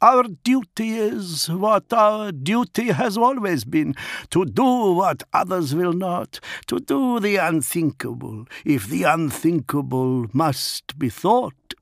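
A man voicing a gruff, growling male space wolf pack leader, slow and gravelly. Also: animated, no room sound, studio quality, exaggerated voice. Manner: slow, growled, raised pitch.

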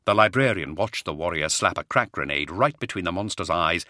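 A man's voice: sits low, expressive, fairly quick, no room sound, studio quality. A man reading a science-fiction war novel aloud as a scripted dramatic narration, lifting his voice for the battle cries. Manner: dramatic, raises voice for shouted lines. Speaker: audiobook narrator.

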